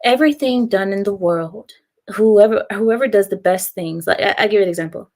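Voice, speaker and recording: A woman's voice: mid-range voice, a little fast, a little mellow. A young woman talks casually on a live stream, sharing her opinions with emphatic conviction. She reads viewer comments aloud and often laughs between her remarks. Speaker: live-stream host reading chat.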